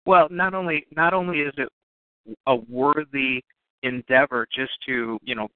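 A man's voice: mid-range voice, clear, resonant tone, dry recording. Man, radio host, casual interview, stumbling repeats, phone-line audio. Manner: halting, repeats words while framing questions. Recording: tinny phone line, dry.

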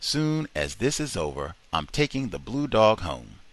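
A man reading a soft reassuring son on the phone. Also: lowish voice, very animated, a little slow, no echo. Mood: gentle. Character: soft-spoken man comforting his elderly mother.

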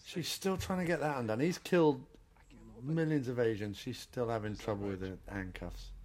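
A man's voice: mid-range voice, moderate pace, darkish tone. A man co-hosting a casual movie commentary podcast, joking around. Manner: jokey, puts on silly voices. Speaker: podcast co-host.

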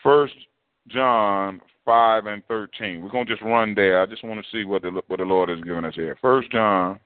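A man's voice: fairly low pitch, moderate pace, no echo. A man preaching a sermon, telling a story in a loose, conversational way and acting out the people in it. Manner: conversational, animated storytelling with acted quotes. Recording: dry, tinny phone-like sound.

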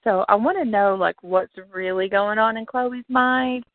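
A woman's voice: medium pitch, measured pace, no room sound. A woman co-hosting a casual radio chat show, talking animatedly and laughing as she acts out her reactions. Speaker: podcast co-host. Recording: dry, phone-like line.

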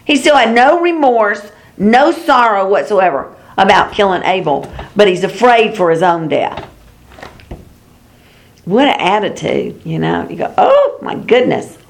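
A woman's voice: mid-range voice, animated, unhurried. A woman teaching a Bible study class in a chatty, explanatory way, chuckling now and then. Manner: conversational, chuckles, explains with rhetorical asides.

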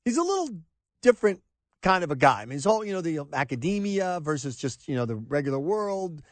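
A man hosting a talk radio show, excitable and exasperated, stammering and restarting as he talks in a studio. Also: on the high side, brisk, no echo.

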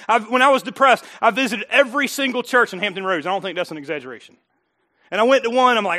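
A pastor preaching a sermon, dropping to quiet asides and rising to loud emphatic lines, laughing often. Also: male voice, very high voice, expressive, quick pace.

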